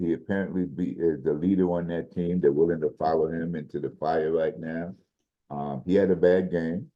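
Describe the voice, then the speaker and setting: Man, low voice, very dark mellow tone, casual sports podcast chat, measured explaining, dull lo-fi audio. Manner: measured, explains with repeated restarts. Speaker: podcast co-host, football analyst.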